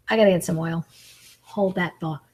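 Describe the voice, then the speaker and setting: A woman's voice: lowish voice, darkish tone, breathy edge, low-quality recording. Chatty self-mocking woman in her forties. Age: 40s. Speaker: comedian and mukbang vlogger. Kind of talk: casual chat while eating.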